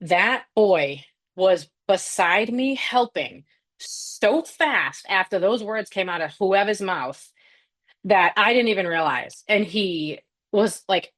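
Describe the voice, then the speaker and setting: A young woman, a nurse, chats casually. She tells stories with big swings in pitch and breaks into laughter often. Her talk is loose, with swearing. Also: lively intonation, slow pace, fairly bright tone. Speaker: podcast co-host, nurse. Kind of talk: casual chat.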